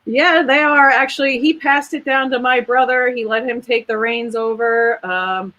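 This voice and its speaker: A woman's voice: on the high side, fairly even intonation, normal speed, pushed and bright, poor audio. A woman guest in a casual interview, a veterinarian who talks in an earnest, chatty way and speaks proudly of her family. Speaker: guest, veterinarian and clinic owner.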